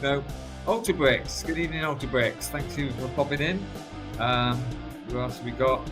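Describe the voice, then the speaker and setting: A man's voice: mid-range voice, moderate pace, music in the background. An English man in a casual livestream chat, greeting viewers by name and laughing often. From England.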